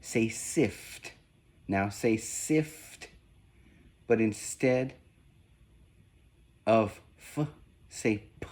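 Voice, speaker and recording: A man slowly giving spoken sound-swap drills, one deliberate prompt at a time. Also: fairly low pitch, darkish tone. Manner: slow, deliberate, evenly paced prompts. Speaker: reading test examiner. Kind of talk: slow scripted phoneme drill.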